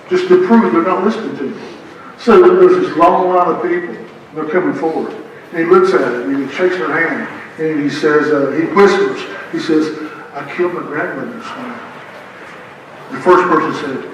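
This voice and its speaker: A man's voice: a little high, moderate pace, distant mic, a little hiss or hum. A man preaching a sermon and telling stories, joking with the congregation. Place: church sanctuary. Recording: echoey church heard from afar.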